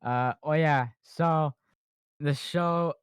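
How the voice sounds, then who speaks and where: Rambling podcast host man, smooth dry voice. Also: on the high side, extremely slow, dry recording. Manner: rambling, full of fillers and restarts. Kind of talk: casual chat.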